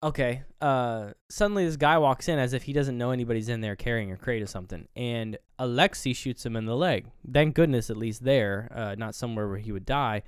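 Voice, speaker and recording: Man, podcast co-host, casual film recap, acts out lines, smooth voice, dry close mic. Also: medium pitch, fairly quick, few pauses, no echo. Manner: retells scenes acting out characters' lines, swears casually.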